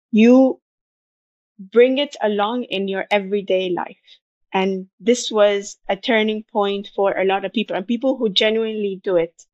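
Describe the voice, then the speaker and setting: A woman guest in a conversational interview, talking in an animated way and driving points home with emphatic repetition. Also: medium pitch, no echo, muffled recording. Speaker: podcast guest, marathon runner.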